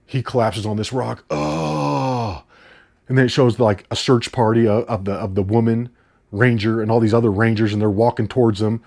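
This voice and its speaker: A man's voice: mid-range voice, steady tone, normal speed, gravelly, darkish tone. A man reviewing a movie in a casual, incredulous rant, swearing casually.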